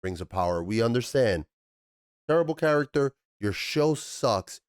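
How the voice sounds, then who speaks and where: A man hosting a TV review channel, ranting in an animated, profane way and jumping up into high, exasperated bursts. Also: moderate pace, smooth, dry recording, studio quality.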